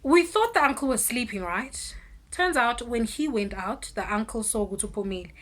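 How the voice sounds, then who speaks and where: Bright-voiced South African woman telling a story. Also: fairly high pitch, moderate pace. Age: 20s. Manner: animated, code-switching, loud exclamations. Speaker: vlogger. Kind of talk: storytime vlog.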